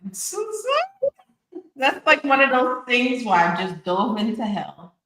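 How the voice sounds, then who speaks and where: A woman's voice: a little high, moderate pace, fairly bright tone. A woman co-hosting a podcast in casual chat, playful and teasing with sly jokes. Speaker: podcast co-host. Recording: roomy echo.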